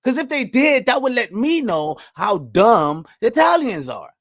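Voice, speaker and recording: A man's voice: very high voice, sing-song, measured pace, hardly any pauses, fairly bright tone, dry recording, clean studio sound. A man hosting his own podcast, delivering a heated, profane monologue full of rhetorical questions, often checking in with "right?" and "you know what I mean?". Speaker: podcast host.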